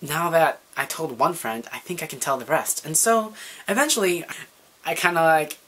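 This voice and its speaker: A man's voice: a little high, normal speed, pushed and bright, husky. A young man telling a personal story to camera in a chatty, casual way, full of fillers and little acted-out quotes. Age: young adult. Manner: chatty, lots of fillers, acts out quoted voices. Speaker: vlogger.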